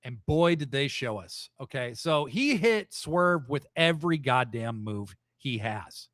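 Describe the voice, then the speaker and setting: A man hosting a live wrestling podcast, recapping events in a rambling, excitable, profane way. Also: medium pitch, measured pace, no room sound, studio quality. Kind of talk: casual live show recap.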